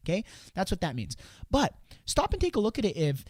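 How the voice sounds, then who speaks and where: A man's voice: high voice, wildly swooping pitch, brisk, darkish tone, no room sound, studio quality. A man hosting a sales coaching show, talking casually and rambling, often restarting sentences. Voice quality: rambling, repeats words and restarts, acts out quotes in a raised voice.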